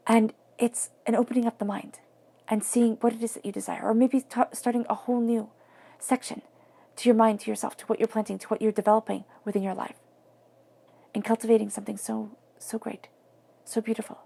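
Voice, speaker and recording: Soft-spoken woman with a gravelly edge. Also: on the high side, little pitch movement, brisk. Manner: soft, flowing and reflective, slipping into near-whispers. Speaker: tarot reader. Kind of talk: spoken tarot reading.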